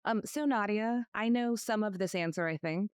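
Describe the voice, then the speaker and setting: A woman's voice: medium pitch, moderate pace, smooth, no room sound, studio quality. A woman hosting a podcast interview, telling stories in a friendly way and laughing easily. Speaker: podcast host, lawyer. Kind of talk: conversational interview.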